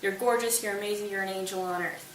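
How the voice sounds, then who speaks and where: A woman's voice: medium pitch, fairly even intonation, fast, echoey room, recorded from a distance, slight background noise, close to an everyday voice, low-quality recording. A woman voicing a spellbound young man who gushes about his love and is smug about it. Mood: gushing. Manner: gushing, smug.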